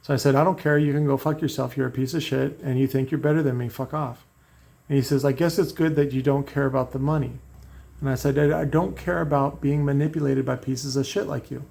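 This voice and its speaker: A man's voice: mid-range voice, fairly even intonation, fairly quick, vocal fry, darkish tone. A man talking in a rambling, profane monologue, reading out messages and restarting his sentences often. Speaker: car audio maker and host. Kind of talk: casual ranting monologue.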